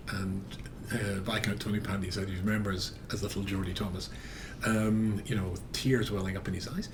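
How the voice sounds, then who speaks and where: A man, a rabbi teaching a lesson as an animated storyteller, full of filler words. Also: on the low side, moderate pace, slight background noise.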